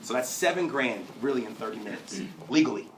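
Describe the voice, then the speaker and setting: A man telling a lively story to a live audience and acting out the dialogue. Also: medium pitch, fairly quick. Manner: animated, acts out dialogue from his story. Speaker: admissions director giving a talk. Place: large hall with an audience. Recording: roomy hall, voice from far off, noisy.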